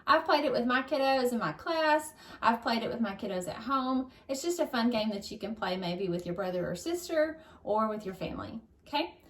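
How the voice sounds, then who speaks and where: A woman's voice: a little high, animated, brisk, hardly any pauses. A woman teaching a recorded phonics lesson to young children, upbeat and encouraging, stretching out syllables. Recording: echoey room, distant mic.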